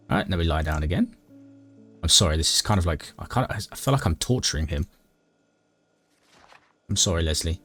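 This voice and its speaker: A man's voice: low-pitched, very animated, brisk, a bit bright, soft background music. A man narrating a game playthrough in a dry, mock-dramatic comic style, often talking to his character. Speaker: gaming YouTuber narrating a playthrough. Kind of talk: comedic game commentary and narration.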